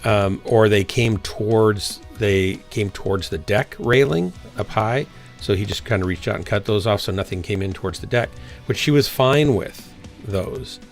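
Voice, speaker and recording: A man's voice: on the low side, moderate pace, faint music behind. A man streaming a game and telling a rambling story in casual chat, full of fillers and restarts. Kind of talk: casual chat while gaming.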